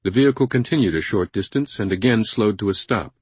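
A man narrating a thriller audiobook in a measured, suspenseful way on a close studio microphone. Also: lowish voice, slightly rough, no room sound.

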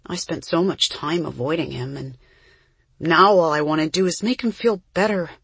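A woman voicing a kind-hearted girl who speaks softly and comfortingly. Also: deep voice, moderate pace, breathy edge, no room sound, exaggerated voice.

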